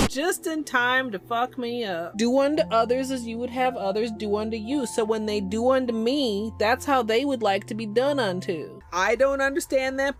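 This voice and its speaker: A woman streaming live, chatting casually with crude jokes and sudden shrieks. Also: fairly high pitch. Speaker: nail art streamer. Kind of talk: casual livestream chat.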